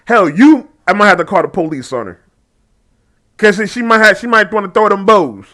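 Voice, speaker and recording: A man's voice: high-pitched, animated, normal speed, sharp tone. A man giving casual reaction commentary on a video, mocking and laughing often, with frequent swearing.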